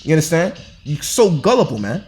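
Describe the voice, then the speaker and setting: With faint music behind him, a man reads scripture and preaches in a loose, hectoring way, repeating himself, asking rhetorical questions and restarting colloquially. His voice is a little high and sing-song, somewhat dark in tone, and a bit fast.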